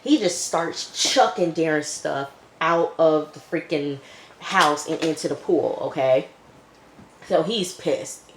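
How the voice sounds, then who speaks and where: Brief: deep-voiced woman reviewer, chatty offhand recap, echoey room. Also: slight background noise. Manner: chatty, loose retelling full of "like" and "you know". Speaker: TV episode reviewer. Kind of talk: casual episode recap.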